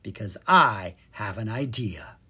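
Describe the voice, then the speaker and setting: A brave young girl speaks in an urgent, determined voice that lifts high and swings lively from word to word, voiced by the storybook narrator. The tone is slightly husky throughout. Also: a little slow, full character voice. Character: brave, eager young girl who leads the group.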